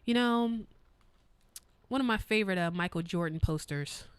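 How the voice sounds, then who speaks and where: A young adult woman co-hosting a podcast, talking in a blunt, profane, animated storytelling way. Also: medium pitch, normal speed, clear, resonant tone, no room sound. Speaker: podcast co-host. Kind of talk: casual chat.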